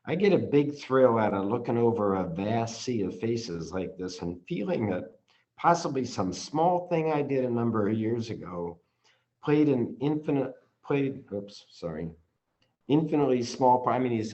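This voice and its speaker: A man leading a study session, reading passages aloud and commenting with many pauses, restarts and ums, earnest and sometimes emotional. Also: fairly low pitch, expressive, darkish tone. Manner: earnest, gets emotional at times. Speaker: study group leader. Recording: slightly dull, lo-fi audio.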